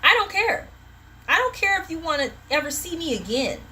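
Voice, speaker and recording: A woman's voice: very high voice, very animated, fairly quick, pushed and bright. A woman giving a live-streamed tarot reading, passionate, blunt and full of profanity. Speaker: tarot reader.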